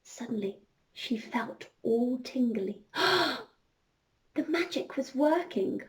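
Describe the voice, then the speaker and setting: A woman leading an interactive children's storytime, gasping with excitement and calling on the kids to join in. Her voice is high and bright, and she takes her time over every line. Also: slow pace. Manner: animated, gasping, addresses children directly.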